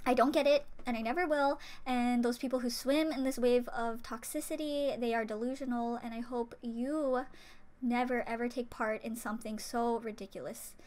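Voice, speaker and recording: A woman's voice: a little high, fairly even intonation, moderate pace, a little mellow. A young woman vlogger giving an impassioned, earnest fan rant to the camera, close to tears at times. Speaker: YouTube reaction vlogger.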